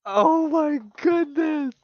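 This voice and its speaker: A woman playing in a tabletop game, lively and quick to exclaim. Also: high-pitched, highs cut off. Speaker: player. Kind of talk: tabletop role-play.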